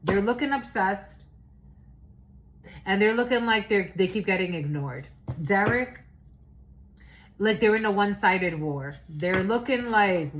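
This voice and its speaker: A woman's voice: medium pitch, lively intonation, a little slow, pauses often, slight background noise, rough recording. A woman giving a casual, rambling channeled reading, loose and profane, laughing often. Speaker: tarot reader.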